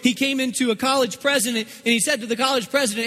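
A middle-aged man preaching a sermon as pastor, emphatic and repetitive, swinging between loud passages and hushed ones. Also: extremely high pitch, steady tone, quick pace. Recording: long reverb of a large hall.

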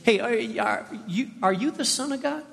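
A man's voice: extremely high pitch, moderate pace, gravelly, fairly bright tone, big-room sound, full character voice. A man voicing a sly male devil who mockingly taunts and goads with wheedling questions.

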